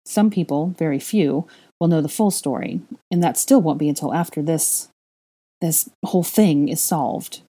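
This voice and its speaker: A woman's voice: sits low, moderate pace, warm tone, breathy edge. A woman voicing an earnest young witch and new mother who sounds a bit weary as she explains.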